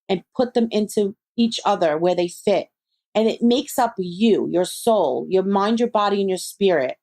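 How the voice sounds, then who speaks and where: On a podcast, a woman who is a psychic medium talks in a middle-range voice during a conversational interview. She recounts stories with animation and imitates her friends, and later calms down to share advice.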